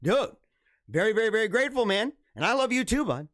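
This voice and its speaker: A man's voice: high voice, very animated, quick pace, fairly bright tone, no room sound, studio quality. Fervent slangy man on a live stream. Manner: fervent, slangy, emphatic repetitions. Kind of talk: casual live chat reading viewer comments.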